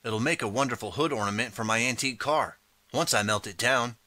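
A man's voice: mid-range voice, fairly quick, bright, forceful tone, no echo, close to an everyday voice. A man voicing an eager old man with a silver beard in an audiobook story. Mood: gleeful. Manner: eager cries.

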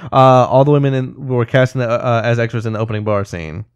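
A man's voice: mid-range voice, fairly even intonation, quick pace, smooth, no room sound, lo-fi sound. A man co-hosting a podcast, chatting casually and reading out film trivia notes with frequent laughs. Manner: laughs often, reads trivia notes aloud. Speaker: podcast co-host. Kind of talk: casual chat.

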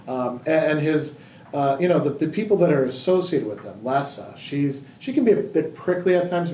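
A man with a mid-range, dark-toned voice leads a casual book discussion in a library room. He thinks aloud, with many fillers and restarts, and the distant mic picks up a roomy hall and faint noise.

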